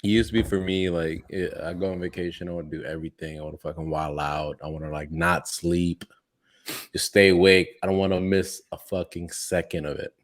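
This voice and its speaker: Podcast co-host, man in his thirties, very low voice, relaxed banter with frequent swearing. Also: a little fast. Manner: laid-back, swears often, laughs a lot. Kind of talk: casual chat.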